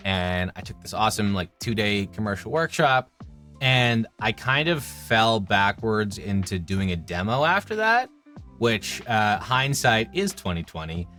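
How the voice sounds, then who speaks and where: Canadian guy in his 30s, voice actor, chatty and animated telling work stories, bit of music behind. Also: fairly low pitch, measured pace. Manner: chatty, animated anecdotes with acted-out quotes. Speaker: voice actor guest. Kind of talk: casual interview storytelling.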